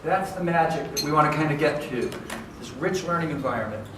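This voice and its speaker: A man giving a lively, conversational lecture to educators, often checking in with his audience. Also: on the high side, fairly quick. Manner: lively, conversational, keeps checking in with "okay?" and "right?". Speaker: education professor giving a talk. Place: large hall with an audience. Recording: echoey hall from far off, faint noise.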